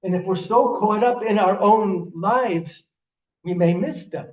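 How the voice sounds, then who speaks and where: A man's voice: sits high, measured pace, dull audio. An older man giving a sermon as a rabbi, telling stories earnestly, often restarting his words. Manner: storytelling, earnest, with repeated restarts. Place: synagogue sanctuary. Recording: echoey room, voice from a distance.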